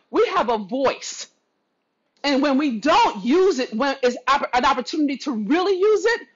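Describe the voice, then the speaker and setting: A woman's voice: high voice, a bit bright, dull audio. A woman vlogger giving an impassioned, preachy rant to camera, swearing freely and telling viewers she loves them. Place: not at home.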